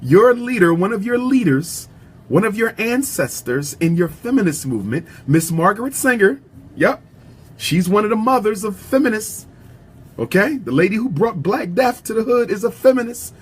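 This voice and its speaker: A man's voice: sits high, sing-song, normal speed, slightly rough. A man giving an impassioned speech to an audience, repeating his lines for emphasis in a preacher-like cadence. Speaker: public speaker.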